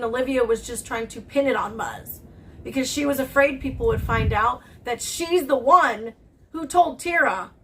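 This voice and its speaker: High-voiced woman ranting about online drama. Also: fairly bright tone, poor audio. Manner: blunt and heated, heavy swearing, keeps asking "okay?". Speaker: commentary YouTuber. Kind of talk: casual storytime commentary.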